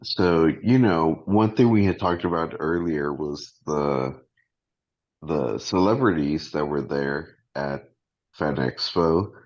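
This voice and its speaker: A low-voiced man steers a podcast conversation in an easygoing way. He talks slowly, but his pitch moves a lot. His audio sounds dull and lo-fi. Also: darkish tone. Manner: easygoing moderator, steering the talk with short prompts. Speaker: podcast co-host. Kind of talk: casual podcast chat. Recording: dull lo-fi recording.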